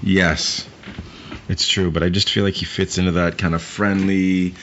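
A man's voice: deep voice, level tone, normal speed, a bit bright. A man co-hosting a podcast, chatting casually and profanely about movies with rambling asides. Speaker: podcast co-host. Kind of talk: casual movie-review chat. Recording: muffled lo-fi recording with faint hiss.

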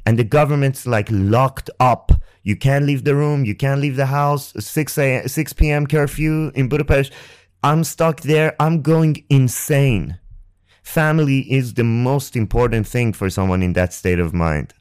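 A young man with a clean, mid-range voice hosts a podcast, telling a personal story into a close ASMR microphone. His delivery is halting and rambling, full of restarts and swearing.

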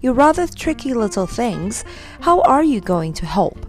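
A woman's voice: on the high side, very animated, measured pace, soft background music, voice pushed up. A woman voicing a male sailor doll who talks firmly and cautiously.

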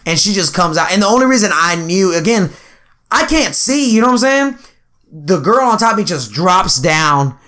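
A young man telling stories in a casual podcast chat, animated and laughing, swearing freely and acting out voices. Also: high voice, moderate pace. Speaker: podcast co-host.

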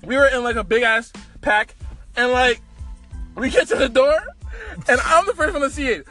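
A young man co-hosting a casual podcast, telling high school stories in an excited, laughing, slangy way. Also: normal speed, faint music behind. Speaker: podcast co-host. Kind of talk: casual storytelling chat.

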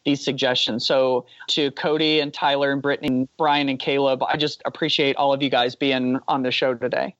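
A man's voice: medium pitch, level tone, normal speed, hardly any pauses, a bit bright, no echo. Appreciative man podcast co-host, lo-fi sound. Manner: friendly, appreciative, casual. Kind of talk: interview wrap-up chat.

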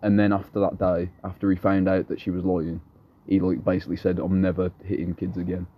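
A man's voice: deep voice, completely flat delivery, a little fast, breathy edge, muffled recording. A young man in casual chat, blunt, swearing freely and rambling through stories.

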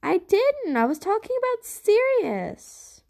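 A woman's voice: very high voice, very animated, takes it slowly, creaky, darkish tone, pitched above the performer's own voice, heavily acted. A woman voicing an enthusiastic uncle who loves the stars, telling his stories with eager wonder. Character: enthusiastic stargazing uncle, adult man.

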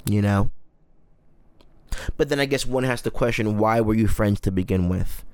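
A man's voice: fairly low pitch, moderate pace, a little mellow, smooth. A man in his twenties hosting a casual podcast, a little drunk, rambling, swearing and mocking himself. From United States. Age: 20s. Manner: rambling, profane, self-mocking. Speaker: podcast host. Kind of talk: casual solo podcast monologue.

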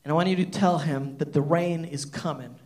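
A man voicing God giving a calm, quiet command to a prophet. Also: on the high side, fairly quick, pitched below the performer's own voice, lightly acted.

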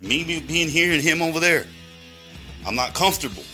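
A man's voice: fairly high pitch, animated, fairly quick, bright, forceful tone, soft background music. A man in a rambling, profane monologue, going off on tangents and talking straight to his listeners. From Texas. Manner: heavy swearing, rambling tangents, addresses listeners directly.

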